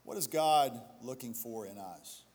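A man's voice: mid-range voice, animated, a little slow, a little mellow, in a large hall. A male pastor preaching a sermon, building to emphatic exhortation and slipping into self-deprecating storytelling asides.

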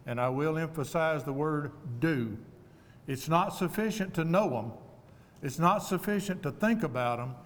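A man preaching an evening sermon, earnest and humble, speaking in a measured way with deliberate pauses. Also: fairly high pitch. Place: church auditorium. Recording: long reverb of a church hall.

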